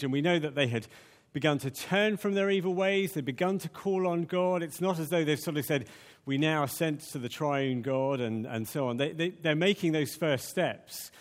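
Man preaching in a reverberant hall. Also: a little high. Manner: conversational, many fillers and restarts. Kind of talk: sermon.

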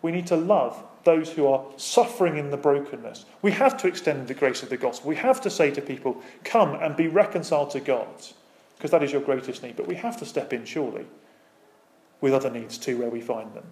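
A male pastor delivering a sermon, his voice sitting a little higher than most men's. He preaches with emphatic, rising and falling intensity. He keeps asking the congregation rhetorical questions. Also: expressive, brisk, a little mellow.

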